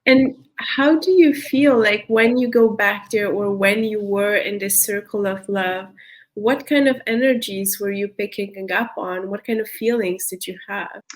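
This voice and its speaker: A woman hosts a casual interview, drawing her guest out with long, searching questions. Her pitch sits in the middle range, and she sounds conversational. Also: a little slow. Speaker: interview host.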